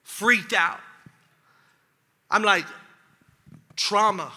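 A male pastor preaching a sermon, telling a story with lively acted-out dialogue. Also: high voice, normal speed. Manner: animated storytelling, acts out dialogue. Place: church sanctuary. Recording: long hall reverb.

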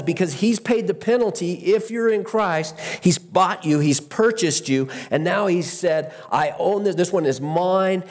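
A man's voice: on the high side, in a large hall. A man preaching a sermon as pastor, earnest, repeating words for emphasis and often restarting his sentences.

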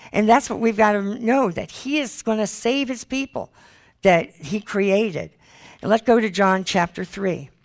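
A woman preaching a sermon with personal testimony, earnest and pleading as she reads scripture aloud. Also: lowish voice. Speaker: Christian speaker.

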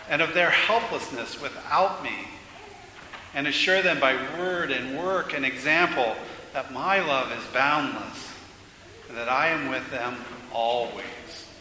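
A man voicing a calm, gentle God. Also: a little high, measured pace. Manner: calm, soft and firm. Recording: echoey hall with faint noise.

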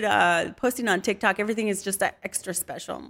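A woman of Mexican family background, a guest in a casual interview, who laughs often and tells animated family stories, mixing in Spanish phrases. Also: medium pitch, a little fast, hardly any pauses. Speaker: guest, home cook with viral videos.

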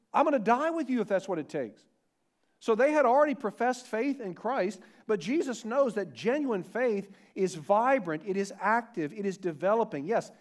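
A middle-aged man preaching a sermon as pastor, animated, asking rhetorical questions and shifting between emphatic and quiet delivery. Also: on the high side.

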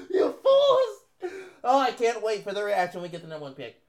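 A man's voice: sits high, huge pitch swings, very slow, pitched above the performer's own voice, exaggerated voice. A man doing a cackling, gloating team rep. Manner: cackling, taunting.

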